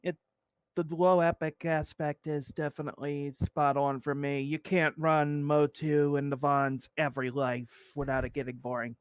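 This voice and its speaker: A man's voice: a little high, flat delivery, normal speed, clean tone, no room sound. A man who is a guest on a podcast roundtable, sharing emphatic opinions. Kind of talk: casual roundtable chat.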